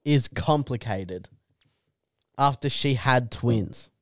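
A man's voice: mid-range voice, expressive, slow, no echo, clean studio sound. A young man co-hosting a casual podcast, laid-back and agreeable, chiming in with short replies and jokes. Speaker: podcast co-host.

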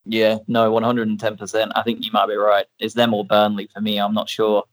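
A man's voice: on the low side, monotone, brisk, dry recording. A man hosting a casual podcast, chatty with lots of fillers and laughter. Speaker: podcast host.

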